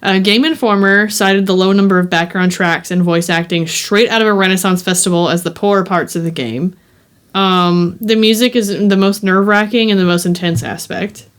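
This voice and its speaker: A woman's voice: medium pitch, fairly even intonation, normal speed, clean tone. A young woman co-hosting a casual gaming podcast. She speaks bluntly with casual swearing, at times reading out review notes before giving her own verdict. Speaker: podcast co-host. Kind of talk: casual chat.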